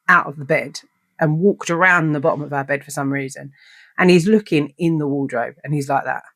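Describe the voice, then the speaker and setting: A woman hosting a casual podcast, telling stories in an animated way, swearing freely and acting out quoted lines. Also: low-pitched, no room sound. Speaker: podcast host.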